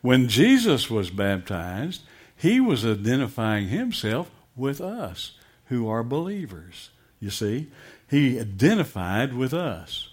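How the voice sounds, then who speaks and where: A man's voice: mid-range voice, very animated, slow, husky. A middle-aged pastor preaching a sermon, emphatic and asking his congregation direct questions.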